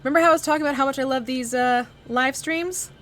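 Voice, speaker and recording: A woman hosting a casual painting livestream, thinking aloud as she works and answering her chat with bursts of excitement. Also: high-pitched, fast, faint music behind. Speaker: livestream host painting a miniature. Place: home art desk near an air conditioner.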